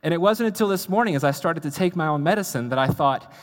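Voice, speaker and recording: A man's voice: a little high, animated, fast talker. A man preaching a sermon in a conversational way, asking the audience rhetorical questions and mocking himself in asides. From United States. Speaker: pastor. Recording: long reverb of a large hall.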